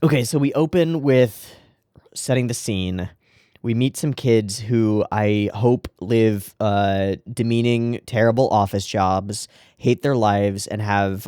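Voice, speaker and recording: A man's voice: lowish voice, warm tone, no room sound, studio quality. A man hosting an anime reaction show, talking casually and emotionally and swearing freely as he comments.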